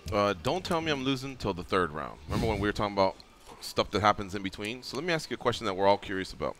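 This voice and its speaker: Radio host guy, bright forceful voice, does little voices when telling stuff. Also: lowish voice, very fast, slight background noise. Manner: animated, acting out scenes with mock voices. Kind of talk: casual radio chat.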